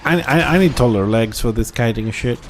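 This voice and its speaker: Excitable man streaming a game. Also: mid-range voice, a little fast, slight background noise. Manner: excitable, reacts loudly to the game, then mutters to himself. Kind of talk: live gameplay commentary.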